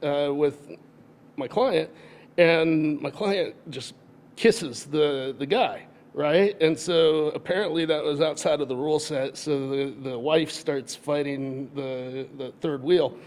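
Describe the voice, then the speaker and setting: A middle-aged man, a defense attorney, telling a story in casual chat with a halting delivery. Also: fairly high pitch, a little mellow.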